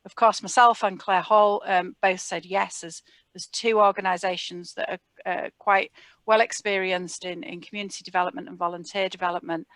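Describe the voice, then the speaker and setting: A woman's voice: fairly low pitch, fairly even intonation, a bit bright, dry recording. Informal woman on a video call. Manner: informal and chatty, pausing often to think. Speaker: community support coordinator. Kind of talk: informal video meeting introduction. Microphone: computer mic on a video call.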